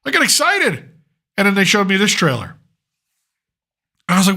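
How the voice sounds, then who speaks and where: A middle-aged man hosting a commentary show, with a somewhat high voice and a bright, forceful edge. He rants with sarcasm and plenty of profanity. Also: huge pitch swings, normal speed, vocal fry, long pauses. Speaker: host. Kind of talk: opinionated pop culture commentary.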